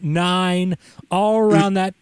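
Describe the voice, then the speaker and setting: A man with a notably high voice hosts a casual interview, trading jokes in relaxed banter. The sound is dry and close. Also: slow, clear, resonant tone, no room sound. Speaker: interviewer, host. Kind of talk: casual chat.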